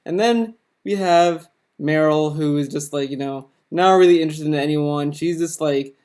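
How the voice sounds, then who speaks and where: A man's voice: fairly high pitch, a little mellow, smooth. Rambling, profane man with a raised voice. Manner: rambling, crude and profane, frequent fillers and restarts; mocking, puts on quick sarcastic quoted voices. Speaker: video host. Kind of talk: casual comedic character rundown.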